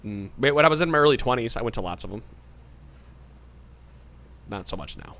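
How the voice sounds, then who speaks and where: A man in his thirties hosts a loose, chatty gaming podcast. His voice sounds bright and forward, and he jokes and swears freely. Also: mid-range voice, expressive, a little fast. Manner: joking, casually profane. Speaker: podcast host. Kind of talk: casual podcast chat.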